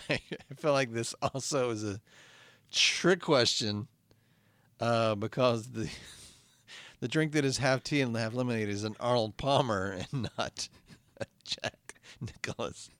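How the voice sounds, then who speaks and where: A man's voice: mid-range voice, a little slow, a bit bright, dry recording. A man hosting an improvised comedy podcast, giggly and eager as he plays along. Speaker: podcast host.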